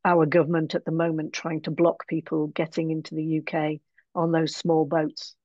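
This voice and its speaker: A woman's voice: sits low, completely flat delivery, moderate pace, dry recording. Frank woman on a dull, dry line. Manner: frank, thinking aloud, gentle fillers. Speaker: interview guest. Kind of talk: casual conversational interview. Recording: dry, slightly dull lo-fi sound.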